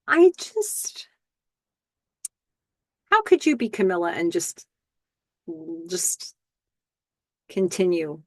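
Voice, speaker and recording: A woman hosting a podcast, casually recapping a TV episode scene by scene with lots of fillers and excited asides. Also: mid-range voice, slow pace, long pauses, no echo, studio quality. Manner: chatty, lots of fillers and "I don't know", excited outbursts.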